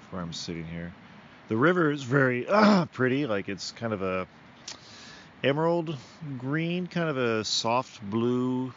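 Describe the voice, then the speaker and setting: A podcast host musing casually to the mic outdoors by a river, in a relaxed, rambling manner. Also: male voice, fairly low pitch, lo-fi sound, a little hiss or hum.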